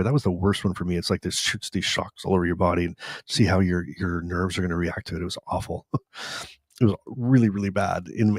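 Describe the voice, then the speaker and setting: A man in his forties from Canada, hosting a live stream and candidly retelling his own story in a rambling, animated way. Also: sits low, no room sound, clean studio sound. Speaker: host.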